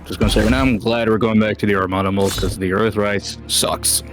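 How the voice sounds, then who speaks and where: A man's voice: lowish voice, steady tone, brisk, over music. Casual man voice actor chatting. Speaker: voice actor on commentary. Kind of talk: casual watch-along chat.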